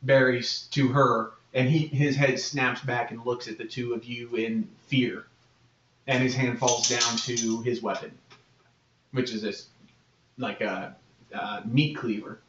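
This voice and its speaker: A man narrating as game master in a relaxed, halting way. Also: medium pitch, a little hiss or hum. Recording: echoey room, dull lo-fi sound.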